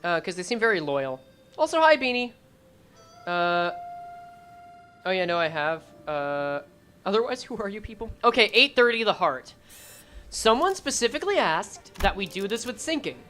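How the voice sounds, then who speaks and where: A woman game streamer gives animated running commentary. Her pitch swings widely and she swears casually. Faint game music plays under her voice. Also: normal speed, pauses often. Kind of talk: gameplay commentary and reading aloud.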